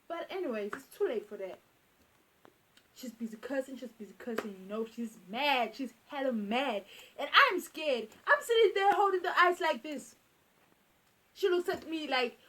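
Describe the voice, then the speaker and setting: A young South African woman telling a casual storytime, animated and repeating phrases for emphasis. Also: high voice, normal speed, slight background noise. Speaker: YouTuber.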